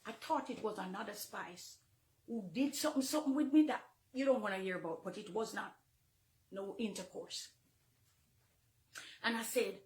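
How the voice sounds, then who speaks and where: A woman with a Jamaican accent, a minister speaking emotionally to her followers, swinging between hushed confiding and loud, heated outbursts. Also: medium pitch, moderate pace, pauses often, reverberant. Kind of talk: emotional personal address to followers.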